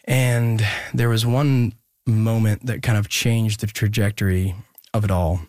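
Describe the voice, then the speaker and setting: A young man, a guest in an interview, telling a personal story in an earnest, reflective, halting way. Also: on the low side, little pitch movement, darkish tone, no room sound, clean studio sound.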